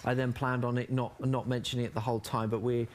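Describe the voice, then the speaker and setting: A man confiding in a casual chat, earnest and keen to explain himself, tripping into restarts. He talks quickly at a middle pitch. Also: level tone. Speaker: reality show housemate.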